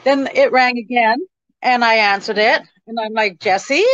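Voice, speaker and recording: Middle-aged woman, fairly high voice, hesitant with ums, dull lo-fi recording. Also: fairly even intonation, a bit bright, dry recording. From Canada. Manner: hesitant, halting with many ums. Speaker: interview guest. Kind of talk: personal storytelling.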